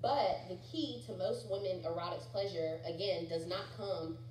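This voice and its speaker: A woman's voice: fairly low pitch, moderate pace, a little mellow, a little hiss or hum, low-quality recording. A young woman co-hosting a podcast, talking frankly and casually, with many ums and likes. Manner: chatty, frank, filler-heavy storytelling. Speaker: podcast co-host.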